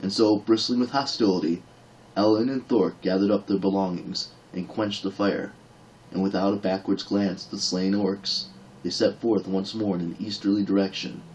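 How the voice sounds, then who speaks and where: A man's voice: low voice, steady tone, moderate pace, a little mellow, rough recording. A man reading a fantasy novel aloud as an audiobook narrator, dramatic in action scenes.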